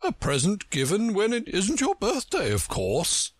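A man reading a storybook aloud, voicing a pompous, scornful know-it-all who speaks in a lively, lilting way. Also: high voice, measured pace, breathy edge, dry recording, voice pushed up, heavily acted.

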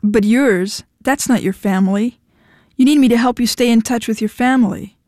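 A woman's voice: a little high, moderate pace, dark tone, no room sound, clean studio sound, lightly acted. A woman voicing a clingy, volatile man who pleads with a cracking voice, reading a story aloud. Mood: pleading.

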